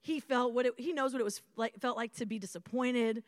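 A young woman preaches to a room of young adults. Her voice sits high and bright, and the sound is dry and close. She talks in a loose, chatty way and calls out for the crowd to answer back. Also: fairly quick, no room sound. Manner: conversational and animated, with call-and-response to the room.

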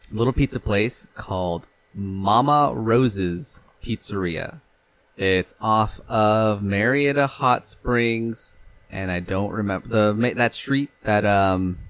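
A laid-back young man from California talks through a casual podcast chat in a somewhat low voice. He rambles, restarts his thoughts and drops the odd swear word. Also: slow, dry recording. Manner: rambling, loose, swears casually, laughs easily. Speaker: podcast co-host.

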